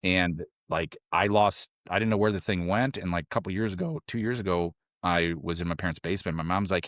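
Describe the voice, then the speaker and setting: A middle-aged man on a podcast, telling a long story in a rambling, animated way, full of fillers and restarts, and jumping into a high voice when he quotes others. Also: a little fast, dry recording, clean studio sound. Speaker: podcast guest, former SEAL trainee. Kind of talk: casual storytelling interview.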